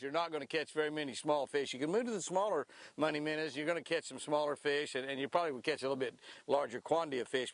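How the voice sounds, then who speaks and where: A man's voice: fairly high pitch, vocal fry, no echo. An older man hosting a fishing show outdoors on a lake, talking in a folksy, chatty way. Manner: folksy, excitable, laughs and whoops when fish bite. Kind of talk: casual outdoor fishing demonstration.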